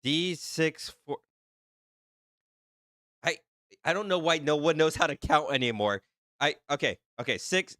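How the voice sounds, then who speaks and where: Flustered, excitable man hosting a livestream. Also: a little high, normal speed, pauses often, dry recording, studio quality. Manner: flustered and excitable, laughing often, teasing viewers. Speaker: livestream host reading chat. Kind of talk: casual live-stream chat.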